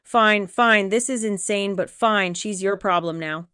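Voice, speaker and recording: An abusive, self-important lawyer in his thirties, put on by a woman narrator, raising his voice in loud bluster. The voice comes through clear and dry, close to the mic. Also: mid-range voice, a little slow, no room sound. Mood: defeated.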